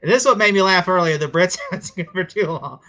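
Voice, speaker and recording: Bright-voiced American host, rambling chat. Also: male voice, high voice, expressive, quick pace, rough recording. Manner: rambling, chatty, laughing asides and acted-out quotes. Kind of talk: casual livestream chat.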